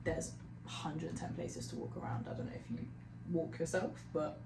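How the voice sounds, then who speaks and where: A woman's voice: low-pitched, fairly even intonation, normal speed, vocal fry. A woman, a podcast guest chatting in a bubbly way and laughing easily. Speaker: guest, hiking group founder. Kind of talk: casual podcast chat. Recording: roomy, faint background noise.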